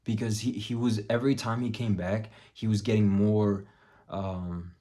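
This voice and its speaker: Young guy with a deep dark voice, cursing a lot while he tells a story, pretty monotone. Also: moderate pace. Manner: profane, blunt, drops to a muttered hush for quoted thoughts. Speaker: vlogger. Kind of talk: casual storytelling vlog.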